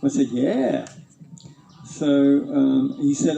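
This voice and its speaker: A man hesitantly recalling cooking in a temple, with many pauses. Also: medium pitch, vocal fry, mellow, dull audio, a little hiss or hum. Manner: halting, many ums. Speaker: former temple cook. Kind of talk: hesitant reminiscence.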